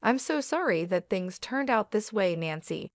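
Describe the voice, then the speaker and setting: A woman voicing a kindly older uncle who speaks gently and with sympathy. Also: mid-range voice, very animated, moderate pace, no room sound, clean studio sound, lightly acted. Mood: sympathetic.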